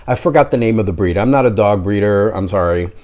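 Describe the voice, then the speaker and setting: A man's voice: on the low side, fast talker, dull audio. A man telling a story in a casual vlog, rambling and breaking off into tangents he apologizes for. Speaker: vlogger.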